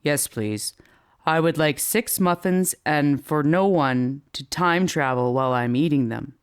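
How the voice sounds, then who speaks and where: A woman voicing a weary family dad who speaks calmly and flatly. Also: low-pitched, unhurried, clean tone. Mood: deadpan. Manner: flat, controlled, deadpan. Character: weary, deadpan family dad, calm but frazzled.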